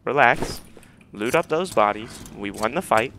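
A young man playing a game with his dad, giving constant orders, swearing and shouting when excited. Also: medium pitch, unhurried, a little hiss or hum. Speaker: gamer leading his dad.

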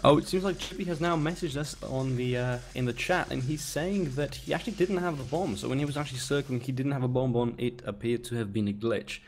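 A man's voice: medium pitch, a little fast, hardly any pauses, soft background music. A man co-commentating a live video game match in a casual, laughing banter style.

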